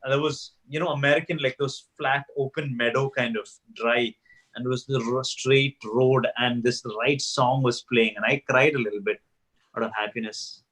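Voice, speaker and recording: A man's voice: mid-range voice, normal speed, rough recording. A man on a comedy talk show, rambling through an anecdote at an easy pace. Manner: relaxed, rambling with many uhs. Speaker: comedian guest. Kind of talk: casual chat.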